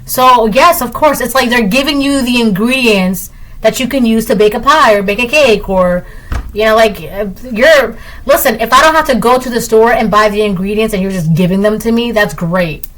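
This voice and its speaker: A woman's voice: fairly high pitch, moderate pace, fairly bright tone, poor audio. A woman giving a casual tarot reading, chatty and repetitive, often ending lines with "right?". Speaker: tarot reader.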